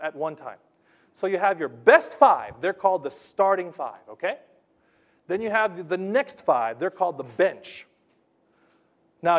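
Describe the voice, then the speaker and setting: Man, sermon, animated preacher, slightly high voice, loud-to-hushed swings. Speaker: pastor.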